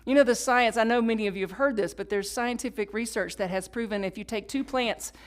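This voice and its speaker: Woman pastor preaching, loud then whispered. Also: a little high, brisk. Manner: swings from loud emphatic lines to hushed whispers; leads the congregation in call-and-response. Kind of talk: sermon.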